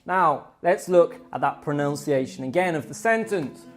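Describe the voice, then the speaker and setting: English teacher, pronunciation lesson, careful drawn-out examples, soft guitar underneath. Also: medium pitch. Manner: slow, careful demonstration of word endings.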